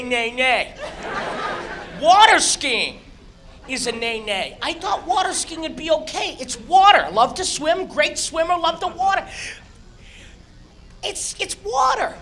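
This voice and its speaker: A man from Massachusetts performing live stand-up comedy, telling animated stories with shouted squeals and acted-out voices. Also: very high-pitched, noisy background. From Massachusetts, USA. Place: comedy club stage. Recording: live club recording with crowd. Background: audience laughter.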